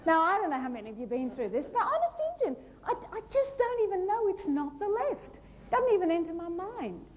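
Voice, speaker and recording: Lively woman speaking on stage. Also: extremely high pitch, a little fast, slight background noise. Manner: lively, animated, playful storytelling with acted-out asides. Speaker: motivational speaker. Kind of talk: humorous keynote talk on stage. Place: large hall before a live audience.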